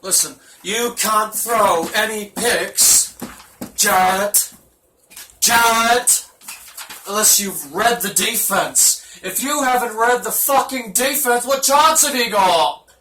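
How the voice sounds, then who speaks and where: A man's voice: high-pitched, slow pace, echoey room, distant mic, a little hiss or hum, pitched above the performer's own voice, exaggerated voice. A man putting on a blustery British coach voice. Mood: lecturing. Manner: loud, profane, lecturing.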